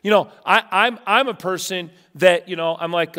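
A man's voice: high voice, moderate pace, clear, resonant tone. A middle-aged male pastor preaching a sermon, telling stories with animation and acting out quoted voices. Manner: animated storytelling, acts out quotes. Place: church sanctuary. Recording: long hall reverb.

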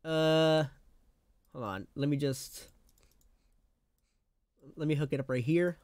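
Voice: medium pitch, slow, darkish tone, no room sound, studio quality. A live streamer chatting casually with chat, laughing often and talking in playful slang.

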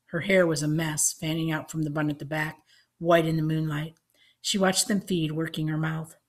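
A woman reading an audiobook, narrating with measured storytelling. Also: low-pitched.

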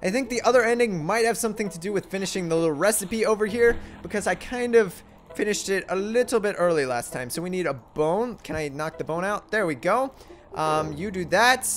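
A man's voice: sits high, brisk, a little hiss or hum. A young man hosting a let's play, reacting animatedly and goofily, often laughing as he clicks through a game. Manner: animated and goofy, often laughing and doing silly voices for characters. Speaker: gaming video host.

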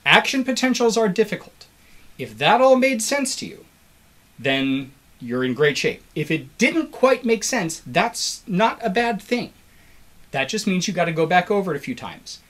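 A man's voice: high voice, normal speed. A man giving a recorded biology lecture, explaining step by step and acting out a crowd doing the wave, encouraging to his students. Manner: animated, acts out cheering crowd voices in examples.

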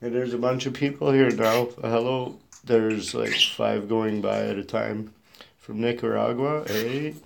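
A man's voice: medium pitch, a little slow, gravelly. A man hosting a casual live stream with his pet cockatoo, greeting viewers and reading out where they are from with easy chuckles. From Canada. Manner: relaxed, chuckling, reads out viewers' home places. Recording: loud background noise and bird squawks. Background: a pet cockatoo squawking.

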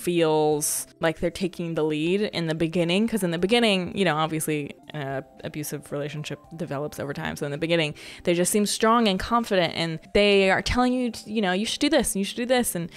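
Young woman, gaming creator, slightly low pitch, rambling casual chat and self-talk. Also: brisk. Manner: rambling, chatty, talks to herself. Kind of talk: casual chat while playing a farming game.

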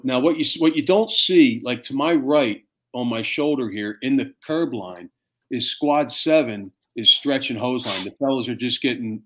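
Profane storytelling firefighter man. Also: medium pitch. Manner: animated, profane, acts out voices in his stories. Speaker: fire captain guest. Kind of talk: casual storytelling chat.

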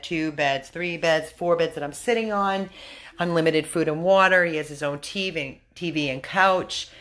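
An American woman volunteering with a dog rescue, speaking earnestly to viewers in an appeal video from a room at the rescue house. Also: fairly low pitch. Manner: earnest, coaxing baby talk to the dog.

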